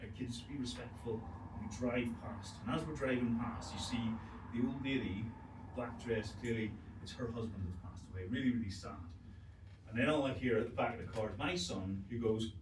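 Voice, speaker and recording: A man's voice: medium pitch, brisk. A middle-aged man telling a stand-up story on stage, swearing freely and laughing through his punchlines. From Northern Ireland. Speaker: stand-up comedian. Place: comedy venue with audience. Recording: roomy live venue, distant mic, noisy.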